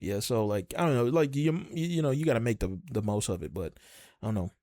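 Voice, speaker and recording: A man's voice: lowish voice, expressive, fast, dark tone, dry recording. Rambling, profane podcast co-host man. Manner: rambling, profane, filler-heavy. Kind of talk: casual chat.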